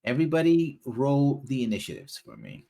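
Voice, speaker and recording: A man running a tabletop game as game master, narrating haltingly with many fillers. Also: medium pitch, wildly swooping pitch, gravelly, dark tone. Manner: halting, many ums and uhs while narrating.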